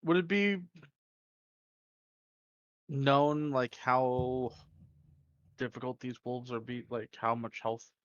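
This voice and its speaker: A man's voice: medium pitch, steady tone, takes it slowly, long pauses, highs cut off. A man playing in a tabletop game, asking hesitant questions in casual chat. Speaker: player.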